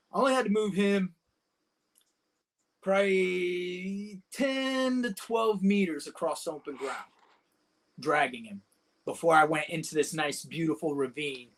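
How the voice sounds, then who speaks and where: Profane, excited veteran storyteller. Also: male voice, sits high, measured pace, long pauses. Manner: profane, vivid war storytelling with lots of "dude" and "man". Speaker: podcast guest, combat veteran. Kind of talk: casual storytelling.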